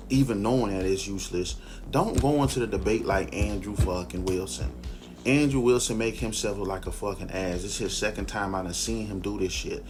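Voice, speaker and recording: Deep gravelly man, blunt and profane. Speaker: commentator. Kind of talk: casual monologue.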